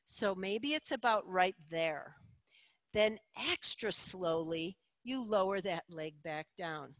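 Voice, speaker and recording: Slow, calm woman yoga teacher. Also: fairly low pitch, dry recording, low-quality recording. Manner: calm, encouraging cueing with slow deliberate phrasing. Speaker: yoga instructor. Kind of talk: guided yoga instruction.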